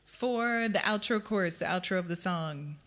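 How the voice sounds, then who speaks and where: A woman's voice: on the low side, animated, moderate pace, over loud music. A woman teaching ukulele in a live-streamed lesson, chatty and self-deprecating, often laughing between explanations. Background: her own ukulele playing.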